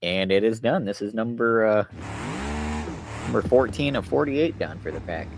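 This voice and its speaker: Low-voiced young man streaming casually. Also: moderate pace, noisy background. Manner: relaxed, rambling, talks to chat while working. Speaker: livestreamer. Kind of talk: casual livestream commentary.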